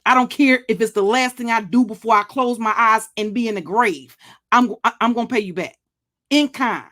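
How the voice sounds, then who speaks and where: Older woman, pitch a bit high, profane, threatening, restarts and stammers. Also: normal speed, fairly bright tone. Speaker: YouTube commentary channel host. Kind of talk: blunt monologue vlog.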